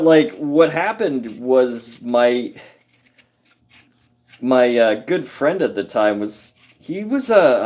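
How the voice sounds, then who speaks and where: Slow-talking guy rambling through a story, lotsa ums, chuckling, mid-pitched voice. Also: darkish tone. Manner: rambling, halting, many fillers and self-corrections. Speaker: carpentry livestream host. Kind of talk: casual storytelling while working.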